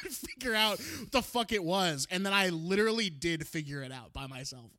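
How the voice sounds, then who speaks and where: Jokey young man, bright voice. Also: high voice, lively intonation, a little fast, few pauses, a little hiss or hum. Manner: jokey, laughs often, rambling. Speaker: podcast co-host. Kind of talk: casual podcast chat.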